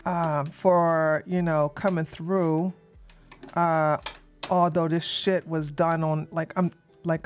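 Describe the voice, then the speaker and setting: Her deep, level voice takes things slowly as she runs a casual livestream, flustered and rambling while fixing her setup. She addresses her chat with blunt sass and some mild swearing. Soft music and some chatter can be heard behind her.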